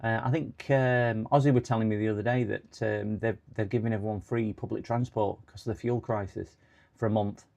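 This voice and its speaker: A middle-aged man with a slightly low voice talks casually to his live viewers. He rambles from one thought to the next and tends to work himself up into exasperated complaints. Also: fairly even intonation, a little fast, vocal fry, darkish tone, lo-fi sound. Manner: rambling, chatty, given to exasperated rants. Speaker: livestream host. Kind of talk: casual live stream chat.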